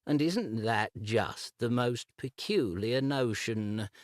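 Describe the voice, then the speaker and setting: A man's voice: mid-range voice, lively intonation, no echo, clean studio sound. Male narrator doing a grieving, stammering young man in a storybook. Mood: wistful. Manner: slow, halting, stammering.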